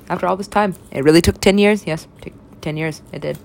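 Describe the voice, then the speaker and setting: Woman with a gravelly, fry-heavy voice in casual monologue; loose, profane, stream-of-consciousness delivery. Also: sits low, fairly even intonation, brisk, few pauses, darkish tone, slight background noise.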